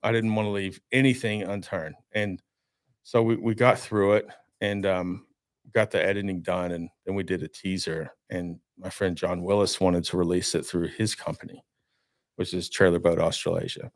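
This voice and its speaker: Lively, low-voiced man in a dry studio. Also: normal speed, no echo. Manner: animated storyteller, acts out his own shouts. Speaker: guest, marine winch maker. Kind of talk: casual studio podcast chat. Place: podcast studio.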